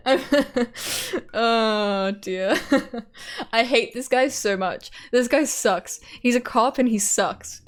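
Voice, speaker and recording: A woman's voice: on the high side, takes it slowly. A woman streamer giving giggly, casual and profane commentary while reading through a visual novel.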